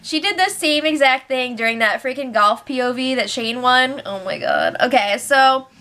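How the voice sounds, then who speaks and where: A woman hosts a casual recap in a bright, crisp voice that sits a little high. She talks chattily and with opinions, slipping into quick impressions of what others said. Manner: chatty and opinionated, acts out quotes. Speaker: show recap host.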